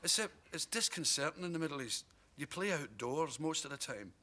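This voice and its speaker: A man's voice: a little high, expressive, fairly quick, sharp tone. A Scottish man telling comic stories as a talk show guest, laughing often and mimicking the people in his tales. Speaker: comedian guest. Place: television studio with audience. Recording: noisy 1981 broadcast recording.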